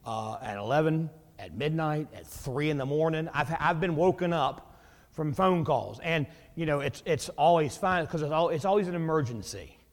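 A man's voice: on the high side, long reverb tail. A man preaching a sermon in a folksy, joking, conversational way. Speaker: pastor.

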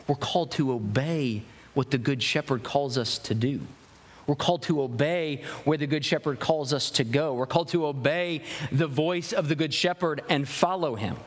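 A young man preaching a sermon as pastor, earnest and full of rhetorical questions, often restarting his phrases. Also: mid-range voice. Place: church sanctuary. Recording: long hall reverb.

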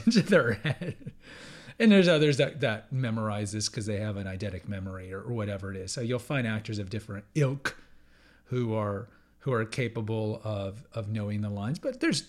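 A man hosting a solo podcast, talking in an emphatic, conversational way, repeating key phrases for effect and often restarting his sentences. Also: on the low side. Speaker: podcast host.

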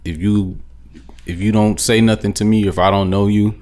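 A man's voice: lowish voice, fairly even intonation, normal speed, darkish tone. A man co-hosting a podcast, telling stories bluntly with lots of profanity in casual chat. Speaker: podcast co-host.

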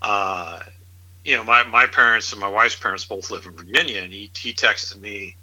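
A man's voice: on the low side, normal speed, bright, forceful tone, poor audio. A middle-aged man in casual political chat, rambling and incredulous, with frequent laughs.

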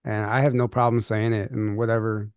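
Halting, laughing storyteller man, dry sound. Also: lowish voice, little pitch movement, smooth, dry recording, lo-fi sound. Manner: halting, with restarts and nervous laughs. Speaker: podcast co-host. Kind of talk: casual storytelling chat.

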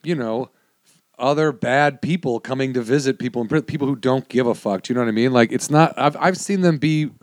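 A man's voice: mid-range voice, fairly quick, dry recording, studio quality. A man in casual chat, telling a story and acting out the people in it. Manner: animated storyteller, acts out quoted people.

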